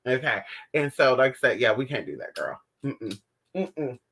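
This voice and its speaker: Sassy, animated man chatting on a livestream. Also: mid-range voice, moderate pace, vocal fry, slightly rough. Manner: sassy, animated, profane, calls viewers honey; theatrical outbursts while retelling stories. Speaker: livestream host answering viewer chat. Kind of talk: casual livestream chat.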